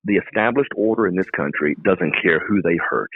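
A man's voice: low voice, expressive, fairly quick, husky, dry recording. A middle-aged man, a political candidate giving fervent, emphatic answers in an interview. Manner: fervent, emphatic, repetitive speechmaking. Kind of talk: campaign interview. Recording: dry tinny phone line.

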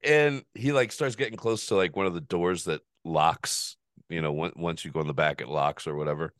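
A man hosting a podcast, telling a story in a casual, profane, animated way and laughing often. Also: low voice, moderate pace, dry recording, studio quality. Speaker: podcast host.

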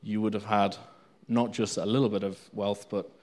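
A man with a fairly low voice gives an informal Bible teaching. He reads passages of scripture aloud and comments on them in between, unscripted and loose, with fillers and restarts. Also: little pitch movement, moderate pace, a little mellow.

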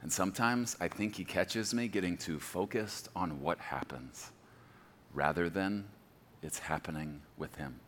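A man's voice: deep voice, measured pace, fairly bright tone, in a large hall, slight background noise. A man in his forties preaching a sermon as a pastor, telling stories with laughter and self-deprecating humor. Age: 40s.

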